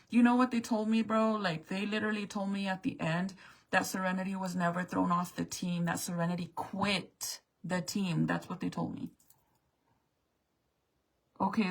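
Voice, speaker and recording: A woman's voice: fairly low pitch, gravelly, fairly bright tone, poor audio. A middle-aged woman venting to her viewers in a profane, exasperated rant. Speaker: vlogger. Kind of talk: angry rant to camera.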